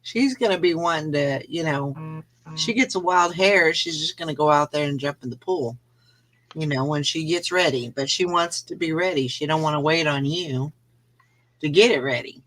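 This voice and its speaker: A chatty woman hosting a morning show, quick to laugh. Her voice is bright and sharp-edged. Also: low voice. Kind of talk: casual chat.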